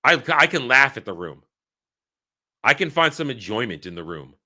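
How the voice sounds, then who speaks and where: Guy ranting about a movie he hates, bright forceful voice, pitch bouncing all over, blunt and sweary. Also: very animated, normal speed. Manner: blunt, exasperated, repeats himself for emphasis; swears freely. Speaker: film reviewer. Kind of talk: ranting film review.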